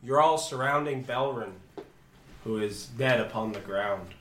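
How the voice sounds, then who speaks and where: A man's voice: mid-range voice, unhurried, a bit bright, reverberant, a little hiss or hum. A man narrating as dungeon master of a tabletop game, chatty and jokey. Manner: chatty, jokey, switches into character voices.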